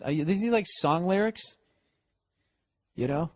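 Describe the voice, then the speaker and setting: A man's voice: fairly high pitch, lively intonation, unhurried, fairly bright tone, no echo. Profane sarcastic man with a Boston accent. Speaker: podcast host. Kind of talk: casual comedic advice monologue. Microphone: podcast studio mic.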